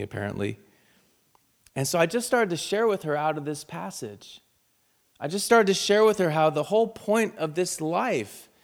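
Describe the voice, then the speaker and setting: A man's voice: on the high side, gravelly, in a large hall. A man, a pastor, preaching a sermon and telling a personal story in an earnest, heartfelt way.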